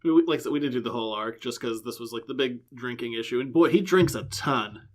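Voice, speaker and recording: Man, mid-pitched voice, podcast co-host, casual opinionated comic talk. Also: quick pace. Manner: opinionated, many "like" fillers. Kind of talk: casual comic book review chat.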